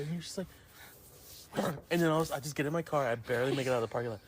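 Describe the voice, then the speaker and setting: A man on a casual podcast, telling a prank story with lots of energy. When he quotes people he jumps into high squeaky voices. A faint hiss sits under the recording. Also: racing, long pauses. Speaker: podcast co-host.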